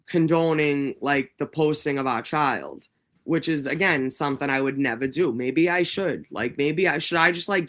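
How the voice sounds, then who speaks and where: A woman hosting a casual livestream from home, ranting in an animated, profane way. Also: sits low. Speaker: livestream host.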